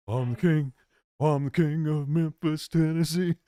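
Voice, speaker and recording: A man's voice: on the high side, steady tone, slow, warm tone, no room sound, voice pushed up. A man doing a swaggering, drawling impression of a rock-and-roll king.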